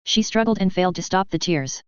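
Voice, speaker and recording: Even-toned woman reading a story. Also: fairly low pitch, brisk, clean tone, no echo. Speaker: narrator. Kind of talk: fan fiction audiobook reading. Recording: dull dry lo-fi audio.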